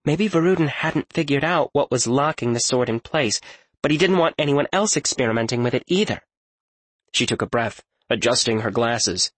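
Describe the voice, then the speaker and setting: A man narrating a fantasy novel as an audiobook, in measured scripted narration. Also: medium pitch, animated, no room sound.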